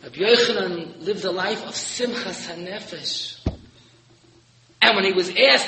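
A man giving a sermon as a rabbi, telling a story with emphatic peaks and sudden hushed drops. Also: high voice, animated, moderate pace, slight background noise. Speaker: rabbi giving a Torah talk. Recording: echoey hall, long reverb.

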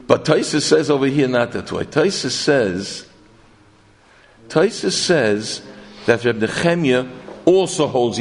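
A man's voice: mid-range voice, a little hiss or hum. A man teaching a Talmud class, talking his way through the argument by asking questions and correcting himself as he goes. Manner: animated, questioning, self-correcting. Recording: long reverb in a room.

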